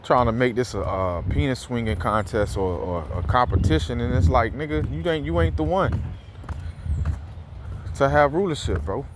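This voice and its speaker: Out on a neighborhood walk, a man offering scripture commentary talks at normal speed in a mid-range voice, with background noise around him. His remarks are casual and heated, full of fillers, repetition, and free swearing.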